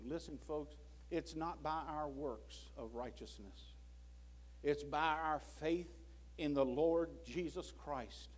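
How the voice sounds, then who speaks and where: High-voiced slow preacher, man. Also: slightly rough. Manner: swings from loud pleading to hushed low tones; acts out prayers and God's words in quotes. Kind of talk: sermon. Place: church sanctuary.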